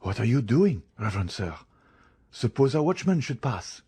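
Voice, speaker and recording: A man's voice: medium pitch, big pitch swings, normal speed, dark tone, slightly rough, heavily acted. A man reading an audiobook, voicing a cowardly, fearful thief who pleads and stammers. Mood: fearful pleading.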